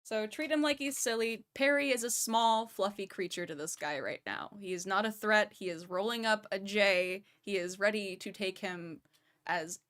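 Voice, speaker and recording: A woman's voice: medium pitch, normal speed, a bit bright. A woman streamer giving casual, analytical commentary on a voice chat clip and speaking straight to her chat. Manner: analytical, talks to chat directly.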